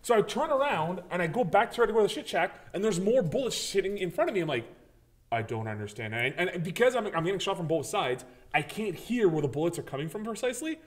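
A man co-hosting a casual gaming podcast, his voice sitting a bit on the higher side. He tells stories with lots of energy, swearing freely and replaying his own startled reactions along the way. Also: big pitch swings, fast talker. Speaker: podcast co-host.

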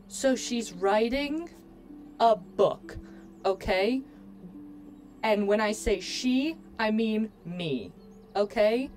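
A woman's voice: medium pitch, animated, very slow, pauses often, a little mellow, soft background music. A woman streaming a cozy game with her viewers. She keeps up a running, joking chatter and turns to the chat over and over in a loose, chatty way. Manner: playful, joking asides to chat; chatty, addresses viewers often. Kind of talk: casual let's-play commentary.

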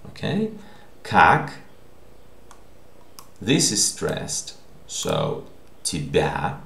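A man teaching a language lesson, repeating words slowly and checking in with the listener. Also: on the low side, creaky, fairly bright tone. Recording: echoey room.

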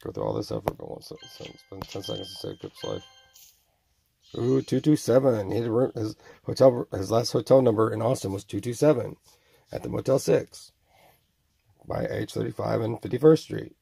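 Gravelly, dark-voiced man muttering numbers. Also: lowish voice, big pitch swings, no room sound, soft background music. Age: 40s. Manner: mumbling, drawn-out exclamations, voicing imagined tormentors. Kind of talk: rambling self-recorded monologue.

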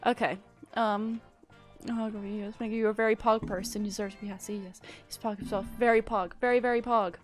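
A woman's voice: medium pitch, fairly even intonation, fairly quick, faint music behind. A young woman live-streaming a building game, chatting casually and thanking viewers in a gushing, rambling way. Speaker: livestreamer.

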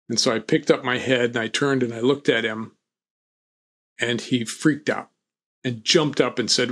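Male interview guest, mid-pitched, calm reflective storytelling, wry. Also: moderate pace. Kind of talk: personal storytelling.

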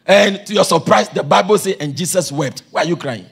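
A man preaching a sermon, shouting with passion and a sing-song cadence, with a gravelly voice. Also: high voice, a little fast, faint music behind.

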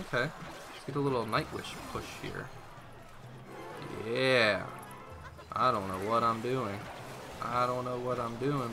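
A young man giving rambling, self-mocking live commentary while playing a mobile game. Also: medium pitch. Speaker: gaming YouTuber.

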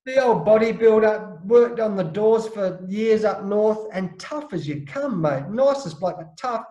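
An Australian man telling a story as an interview guest, lively and blokey, acting out the voices of the people in his tale. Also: high-pitched, unhurried, roomy sound, dull audio. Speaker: interview guest, former captain. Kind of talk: animated anecdotal storytelling.

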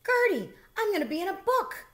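A woman voicing a timid, fussy young male bear in a read-aloud storybook, anxious and excitable. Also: very high-pitched, fairly quick, pitched above the performer's own voice, heavily acted.

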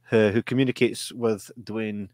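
A man, co-hosting a casual podcast film review, chatty and quick to laugh. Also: on the low side, steady tone, a little mellow, dry recording. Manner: chatty, laughs often, swears. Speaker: podcast co-host.

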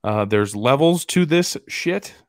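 Joking podcast host, dry close sound. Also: male voice, mid-range voice, lively intonation, slow pace, no room sound. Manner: joking, laughs often, reacts to images on screen. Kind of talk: casual chat.

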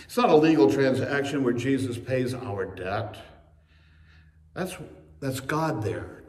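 A male pastor preaching a sermon with emphasis, slowing on key phrases and speeding through asides. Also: medium pitch, a little mellow. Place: church sanctuary. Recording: echoey church from a distance.

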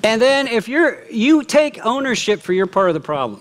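A middle-aged man preaching a sermon as lead pastor, lively, often acting out quoted remarks. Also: very high-pitched, moderate pace, hardly any pauses. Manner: animated, acts out quoted speech. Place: church.

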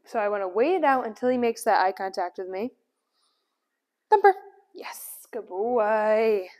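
A woman dog trainer giving a casual demonstration, calmly explaining between cheerful calls of the dog's name and quick praise, recorded indoors on a camera at a distance. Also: mid-range voice, lo-fi sound. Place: indoors at home.

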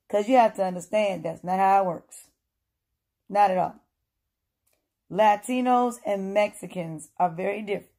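A woman delivers a casual opinion monologue, hammering her points home through repetition. Her voice is dark and mellow, and her tone is lecturing. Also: medium pitch.

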